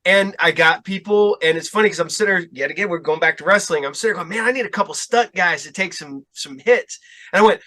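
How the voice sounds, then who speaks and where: A man who owns a game shop, chatting as a podcast guest and telling stories in an animated way, swearing freely. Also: high-pitched, fast talker. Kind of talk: casual podcast chat.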